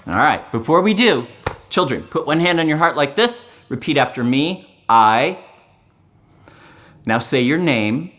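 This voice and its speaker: Man, children's entertainer, lively swooping pitch, bright tone, faint guitar behind, call-and-response patter. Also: normal speed. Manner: playful, call-and-response, big swoops up for effect. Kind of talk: interactive children's show patter. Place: public library event.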